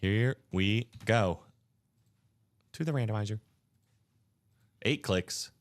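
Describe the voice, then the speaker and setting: A man's voice: on the low side, slow pace. A man hosting a live card break stream, with upbeat, slangy hype chatter.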